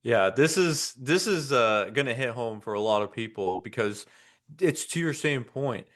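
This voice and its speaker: A man's voice: medium pitch, lively intonation, moderate pace, a bit bright. A man with a mid-range voice hosting a podcast interview. He responds to his guest with brief affirming sounds, then offers a thoughtful, reflective reply. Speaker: podcast host.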